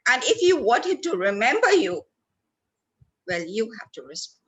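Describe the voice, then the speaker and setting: A woman runs a workshop session. Her voice sits a little high and swoops up and down as she hits important words. She talks straight to the people in front of her, sometimes calling them by name. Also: moderate pace, poor audio. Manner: animated, stresses words for effect, addresses listeners by name. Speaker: workshop trainer. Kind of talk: lively training talk. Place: lecture hall.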